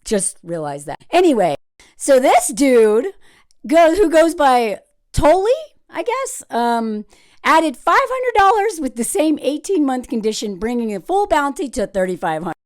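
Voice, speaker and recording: A young woman delivering riled-up, sarcastic dating commentary in a vlog. Her fairly high voice leaps up and down with emphasis, and the close recording is dry with no room sound. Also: sing-song, unhurried, darkish tone, no room sound. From United States.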